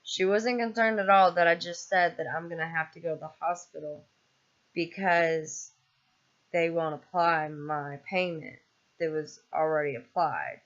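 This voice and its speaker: In a dull lo-fi recording, a vlogger delivers a casual venting monologue in a mid-range, slightly bright voice, unhurried with fairly even intonation. It's an angry, exasperated rant, heavy on swearing, from someone clearly weary and fed up.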